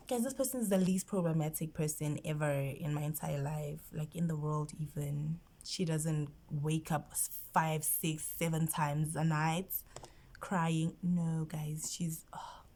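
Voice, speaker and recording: A woman's voice: sits low, fairly even intonation, measured pace, darkish tone. A South African woman vlogger telling a personal story, emotional and often dropping into a whisper. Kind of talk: storytime vlog.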